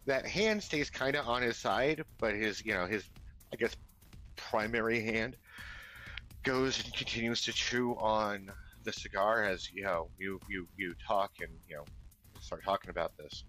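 A man's voice: lowish voice, unhurried, bright, forceful tone, soft background music. A man narrating as game master of a tabletop game, rambling with lots of fillers and restarts.

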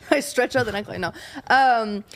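A woman's voice: fairly high pitch, unhurried, creaky, fairly bright tone. A young woman who moved to the US as a child, telling a story in casual podcast chat, giggling through it with lots of fillers. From abroad, moved to the US at ten.

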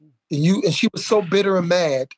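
A man hosting a podcast, telling a story in a lively way, acting out quotes with plenty of fillers and restarts. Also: high voice, normal speed, no echo. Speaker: podcast host. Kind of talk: casual podcast conversation.

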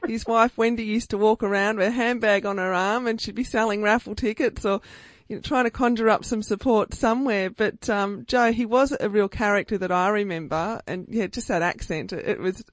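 A woman's voice: medium pitch, brisk, hardly any pauses, no echo. A woman hosting a radio show, interviewing a guest in a friendly, chatty manner. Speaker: radio host.

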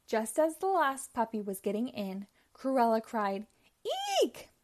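A woman reads a children's storybook aloud in a clear, expressive telling. Her voice is fairly high. Its melody rises and falls in a lively, animated way. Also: measured pace. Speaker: storybook reader.

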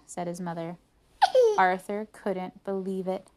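A woman reading a children's picture book aloud with an animated delivery, lifting her voice for the characters' lines. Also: lowish voice, a little slow. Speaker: storybook reader.

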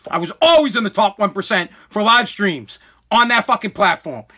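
Guy ranting solo on his podcast, high bright voice, swearing a lot, keeps tripping over words. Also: lively intonation, normal speed. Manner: profane, agitated ranting with repeated stammers. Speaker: podcast host.

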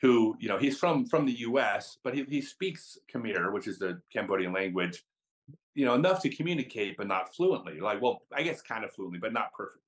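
A man who is a podcast guest and tells chatty, animated stories with frequent restarts. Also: lowish voice, a little fast. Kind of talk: casual storytelling.

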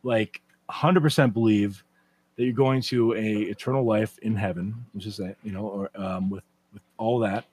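A man's voice: fairly low pitch, fairly even intonation, normal speed, darkish tone, breathy edge. A man on a podcast chatting casually and teasing the other speaker with dry banter. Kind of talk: casual chat.

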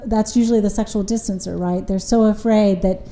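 Mellow-voiced woman therapist explaining. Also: medium pitch, steady tone, fairly quick, echoey room, rough recording. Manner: earnest, explanatory, quotes clients. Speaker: couples therapist. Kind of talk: conversational podcast explanation.

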